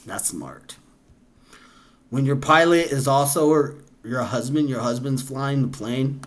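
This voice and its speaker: A man with a medium-pitched voice sounds animated yet unhurried as he hosts a reaction video. He chats in a laid-back way about the clips, laughing often and calling people "bro."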